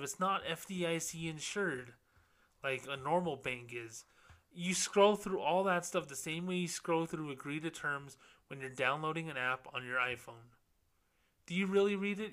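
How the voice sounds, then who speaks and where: Sharp in tone and on the high side, this man hosts a podcast and rants sarcastically about money and scams in a casual monologue. He used to be a banker and mocks complainers by quoting them in put-on voices.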